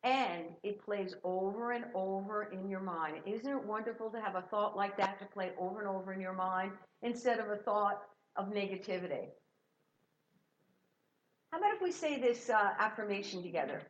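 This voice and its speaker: A middle-aged woman giving a sermon as guest minister, warm and encouraging as she leads the congregation. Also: mid-range voice, lo-fi sound. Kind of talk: sermon with sung jingles. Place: church sanctuary.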